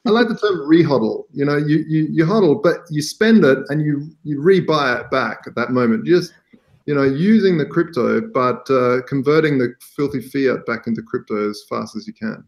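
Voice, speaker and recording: A man's voice: mid-range voice, moderate pace. A man with an Australian accent, a guest on a chat show, dry and laid-back. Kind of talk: casual chat.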